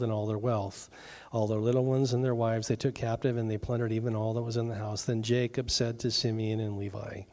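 Preaching conversationally, a middle-aged male pastor tosses in joking asides and quickly acts out voices. His voice is medium-pitched and mellow.

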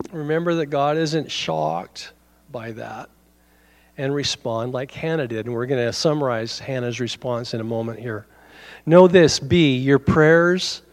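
A man preaching a sermon to his congregation, animated and conversational, with quick asides and chuckles between points. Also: mid-range voice. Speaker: pastor.

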